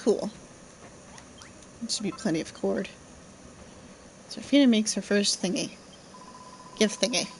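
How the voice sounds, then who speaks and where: A woman talks casually over a game stream, muttering quiet commands to herself and chatting playfully about what she sees. Her pitch sits mid-range and ordinary. A faint hiss runs under the recording. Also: measured pace, long pauses, low-quality recording. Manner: muttering to herself, playful, reads dialogue aloud. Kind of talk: casual gameplay commentary.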